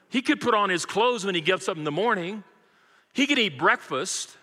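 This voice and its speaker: A man's voice: a little high, pushed and bright. Emphatic preaching man in an echoey hall. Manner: emphatic preaching with call-and-response to the congregation. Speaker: pastor. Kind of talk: sermon. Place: church sanctuary.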